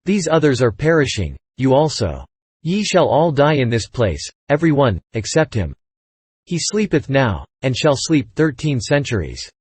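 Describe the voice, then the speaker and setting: A man voicing a malicious old wizard who gloats over his beaten enemies in a low, grim voice. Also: very animated, normal speed, a little mellow, breathy edge, no room sound. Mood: gloating.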